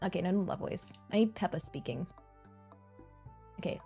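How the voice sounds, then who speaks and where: A woman's voice: lowish voice, animated, normal speed, creaky, mellow, soft background music. A woman streaming, chatting casually and animatedly, often laughing as she rambles. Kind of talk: casual chat.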